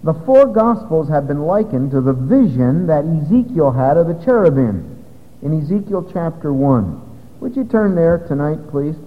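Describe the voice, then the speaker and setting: Lively man teaching Bible study. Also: fairly high pitch, normal speed. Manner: conversational, explains step by step. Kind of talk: evening Bible study lecture. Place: hall with a live audience. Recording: dull lo-fi recording with long hall reverb.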